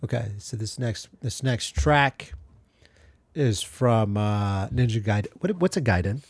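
Husky laid-back podcast host. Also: male voice, on the low side, expressive, a little slow, no echo. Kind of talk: casual chat.

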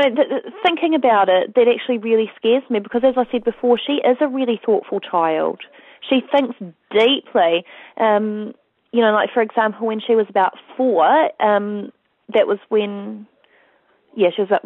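A woman's voice: medium pitch, dry recording. A woman, a parent talking as an interview guest in a chatty, storytelling way. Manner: chatty, storytelling, full of "you know". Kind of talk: casual interview chat. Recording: tinny phone line, dry.

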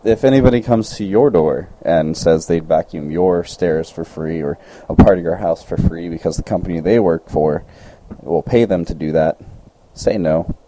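A man's voice: sits low, moderate pace, few pauses, a little hiss or hum, rough recording. A young man chatting casually as a podcast co-host, rambling through a story and acting out the people in it. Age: young adult. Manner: rambling, animated retelling with quoted voices.

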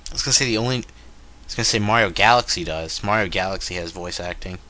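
Male podcast co-host, low but bright voice, rambling casual gaming chat. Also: fast. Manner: rambling, jokey, mocks companies in made-up dialogue.

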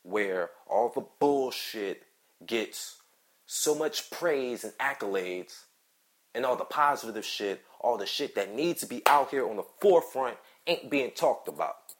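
Guy ranting hard on his own show, cussing and repeating himself, mid-pitched voice. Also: expressive, measured pace. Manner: heated, profane, repetitive ranting. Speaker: podcast host. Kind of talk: angry solo commentary.

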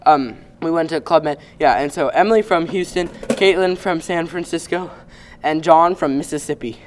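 A man's voice: on the high side, moderate pace, noisy background. A young man co-hosting a casual podcast, chatty and rambling, laughing often. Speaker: podcast co-host. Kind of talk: casual chat.

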